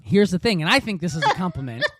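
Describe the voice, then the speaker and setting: A man's voice: high-pitched, sing-song, fast talker, a bit bright, no echo, studio quality, soft background music. A man hosting a podcast interview, enthusiastic and rambling, full of "like" and "um". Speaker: podcast host. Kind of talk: casual interview chat.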